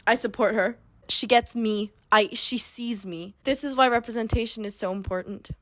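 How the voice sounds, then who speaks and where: A woman in her twenties giving comedic book commentary in a sarcastic, animated way. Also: on the high side, normal speed. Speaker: book reviewer.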